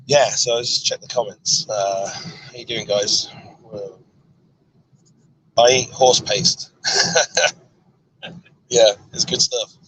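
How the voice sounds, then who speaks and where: A man's voice: fairly low pitch, fairly even intonation, slow, pauses often, fairly bright tone, a little hiss or hum, low-quality recording. A male host on a live stream in a moving car, reading viewer comments aloud in an easygoing way. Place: inside a moving car on a road trip.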